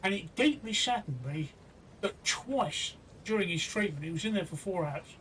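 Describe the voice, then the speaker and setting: Chatting on his live stream, the male host sounds earnest and indignant and keeps repeating himself. He has a high-pitched, lively voice at normal speed with a slightly bright quality. The recording is distant from the microphone, with a faint background hiss.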